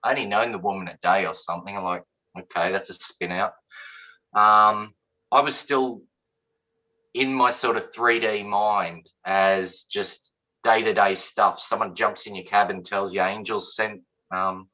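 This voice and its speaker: On dull, lo-fi audio, a middle-aged male author appears as an interview guest and casually shares a personal story. His voice sits low and unhurried, and he animatedly acts out the conversations he remembers.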